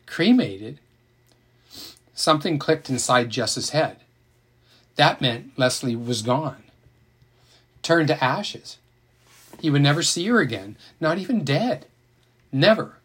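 A man narrating an audiobook in an expressive, emotional reading style. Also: a little high, a little slow, long pauses, husky.

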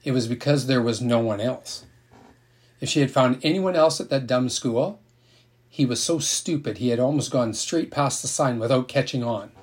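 A man reading a children's novel aloud as narrator, in a steady, gentle storytelling way. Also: mid-range voice, moderate pace. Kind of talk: audiobook reading.

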